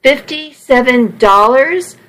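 A woman's voice: fairly high pitch, takes it slowly, fairly bright tone, low-quality recording. A woman voicing a blunt, exasperated trucker. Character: weary, gruff male trucker, soft-hearted.

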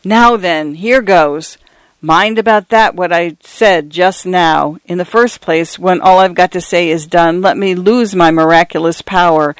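A man's voice: high-pitched, measured pace, smooth, dry recording. A man voicing an ordinary little man who is bewildered and panicky, with plain common speech and frantic pleading. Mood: commanding.

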